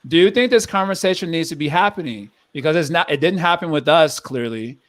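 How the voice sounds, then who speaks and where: A man's voice: a little high, expressive, fairly quick, no echo. Thoughtful young man on a dry mic. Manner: thoughtful, rambling with restarts. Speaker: podcast host. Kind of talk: casual podcast chat.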